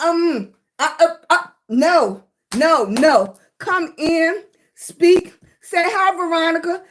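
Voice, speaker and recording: A woman's voice: high voice, a little hiss or hum. An older woman from Virginia with a Southern accent, hosting a casual livestream and greeting viewers by name, calling them baby. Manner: warm, drawling, greets chat by name with "baby". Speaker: livestream host.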